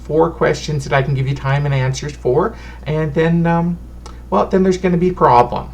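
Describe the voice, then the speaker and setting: A man's voice: fairly high pitch, steady tone, moderate pace, a little mellow, a little hiss or hum, pitched above the performer's own voice, natural voice. A man voicing a sweet, fussy little old woman fortune teller who chats in a folksy way and calls people darling and honey. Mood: chatty.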